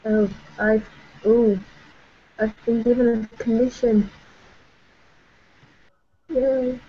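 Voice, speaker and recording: A young woman from England with a British accent, giving soft, brief replies in a casual group voice chat. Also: on the high side, fairly even intonation, very slow, dull audio, a little hiss or hum. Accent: British English. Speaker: chat participant.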